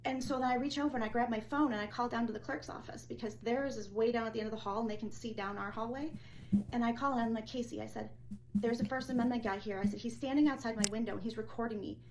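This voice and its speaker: A woman's voice: fairly high pitch, fairly even intonation, fast, a little mellow, slight background noise, poor audio. A woman venting in an agitated monologue, retelling a workplace clash and acting out every line of dialogue. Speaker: former assistant assessor. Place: indoors, filmed herself.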